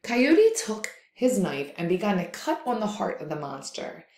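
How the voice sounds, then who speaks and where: Lively storytelling woman in an echoey room. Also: medium pitch, moderate pace. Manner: expressive, lively read-aloud. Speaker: teacher. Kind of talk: storytelling for a lesson.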